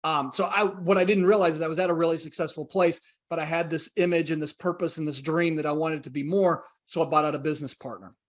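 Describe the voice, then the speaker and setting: A man's voice: a little high, fairly even intonation, quick pace, hardly any pauses. A man in his forties, a podcast guest telling his story in an earnest, reflective way and acting out the dialogue he quotes. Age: 40s.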